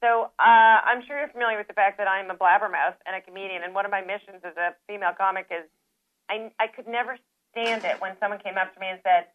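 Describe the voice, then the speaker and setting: A woman's voice: medium pitch, fairly even intonation, fast talker. A woman from Canada, a comedian guest chatting and joking with a host. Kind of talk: casual chat. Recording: dull, lo-fi broadcast audio.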